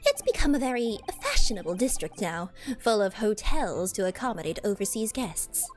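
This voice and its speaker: A woman's voice: mid-range voice, very animated, normal speed, a little mellow, soft background music, lightly acted. A woman voicing a haughty, formal male prosecutor in a game, with stiff, pompous courtroom diction.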